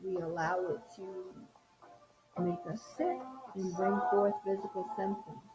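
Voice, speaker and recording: A middle-aged woman gives a personal testimony in a soft, unhurried voice. She reflects as she talks. Music plays clearly under her words. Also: mid-range voice, flat delivery, poor audio. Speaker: speaker sharing a personal story. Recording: music playing clearly behind.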